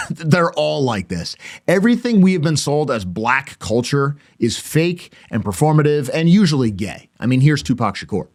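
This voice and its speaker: A man's voice: on the high side, sing-song, moderate pace, few pauses, a little mellow. A middle-aged man hosting a podcast, delivering opinionated commentary with sarcastic, mocking asides. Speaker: podcast host.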